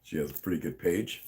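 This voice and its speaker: A man's voice: low voice, a little mellow. A man hosting a stream, reading a novel aloud in a casual way and often stopping to comment and correct himself.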